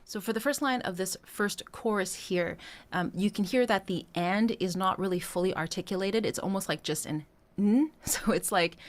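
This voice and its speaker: At a normal speed and medium pitch, a woman vocal coach talks conversationally through a singing lesson. She explains phrasing step by step, breaks into sung demonstrations, and frequently uses fillers and restarts.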